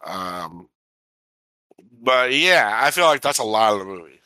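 Casting: lower-pitched man, sharp forceful tone, rambling casual podcast co-host. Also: big pitch swings, unhurried, clear, resonant tone, no room sound. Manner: rambling, heavy on filler words like "like" and "um". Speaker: podcast co-host reviewing a film. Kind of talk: casual chat.

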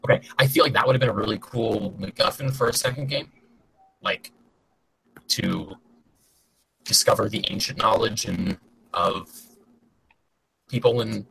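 A man's voice: fairly low pitch, unhurried, vocal fry, long pauses, sharp tone, slight background noise, rough recording. A man talking casually on a laggy video call, chatty and prone to trailing off and restarting. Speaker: podcast co-host. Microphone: home mic on a laggy video call.

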